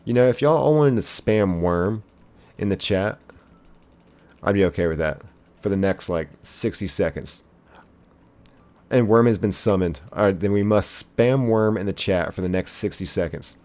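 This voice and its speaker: A man streaming a game live, casually reading his chat's messages aloud in a playful, excitable way. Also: deep voice. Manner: reads chat messages aloud in quick succession, playful and excitable; casual, uses "y'all". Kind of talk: live gaming stream chat.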